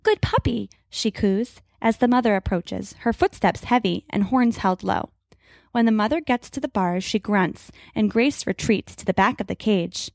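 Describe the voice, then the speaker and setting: A woman's voice: mid-range voice, normal speed, vocal fry, dry recording, clean studio sound. A woman storyteller giving a vivid, dramatic scripted narration of an adventure story.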